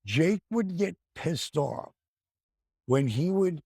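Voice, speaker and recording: Male guest, gravelly and a bit husky, lively anecdote-teller, dry close mic. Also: a little high, slow pace. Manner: animated storyteller acting out quoted voices. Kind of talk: storytelling.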